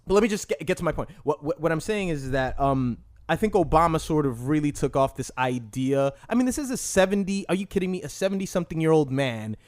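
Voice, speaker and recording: A young man co-hosting a podcast in casual, argumentative chat, swinging between loud and soft. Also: a little high, animated, fast, few pauses. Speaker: podcast co-host.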